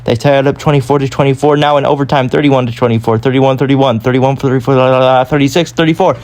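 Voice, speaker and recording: A man's voice: medium pitch, steady tone, fast, a little mellow. A man giving casual gameplay commentary, rambling and often correcting himself. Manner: rambling, self-correcting, chatty. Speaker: gaming YouTuber.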